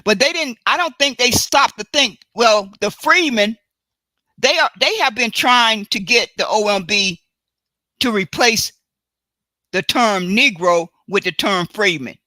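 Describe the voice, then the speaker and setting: Slow, bright-voiced woman hosting a live stream. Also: a little high, lively intonation, no room sound. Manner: deliberate, repeats and corrects herself, pointed and emphatic. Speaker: livestream host. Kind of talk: solo live commentary. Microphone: computer mic for a live stream.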